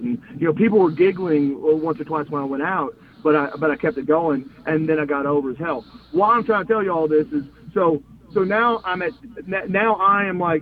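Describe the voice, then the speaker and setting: A middle-aged man and former pro wrestler telling excited stories as an interview guest, stumbling over restarts and acting out quotes. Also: fairly high pitch, fairly quick. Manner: excited, repeats words and restarts, acts out quotes. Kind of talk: animated storytelling in an interview. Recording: phone-like line with faint hiss.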